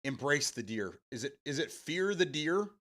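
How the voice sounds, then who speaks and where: Guy streaming and chatting with chat, rambles, swears a lot, pitch all over the place. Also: expressive, normal speed, fairly bright tone. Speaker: live stream host. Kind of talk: casual chat with stream viewers.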